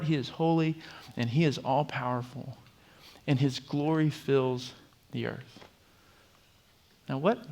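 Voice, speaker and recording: Conversational male pastor, slightly high voice. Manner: conversational, with fillers and repeated words. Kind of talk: sermon. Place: church.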